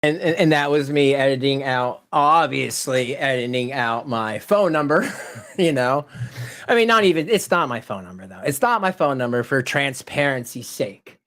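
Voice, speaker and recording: A man hosting his channel, heated and profane, ranting in casual commentary and laughing often. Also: moderate pace. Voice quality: animated, jumps into high mocking voices when quoting critics. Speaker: channel host.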